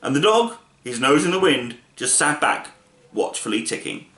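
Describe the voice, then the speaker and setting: A man reading a children's book aloud in a playful, expressive way. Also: mid-range voice, normal speed. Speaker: storybook reader. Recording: echoey room.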